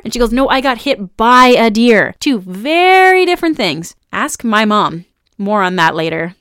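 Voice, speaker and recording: A woman in her thirties hosting a casual episode recap, chatty and animated, with quick asides and frequent laughter. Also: medium pitch, smooth, dry recording, clean studio sound. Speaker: podcast host recapping a TV episode.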